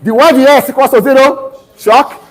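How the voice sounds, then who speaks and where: Nigerian guy lecturing a class, really high voice, keeps going "what?" for students to finish his sentences. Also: normal speed, poor audio. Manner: drills students with fill-in-the-blank questions ending in "what?"; teaches through homely family anecdotes. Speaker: university lecturer. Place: lecture room.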